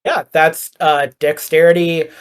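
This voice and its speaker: A woman's voice: sits low, fairly even intonation, measured pace, clear, resonant tone. A woman running a tabletop game as game master, narrating in a rambling, wry way full of fillers.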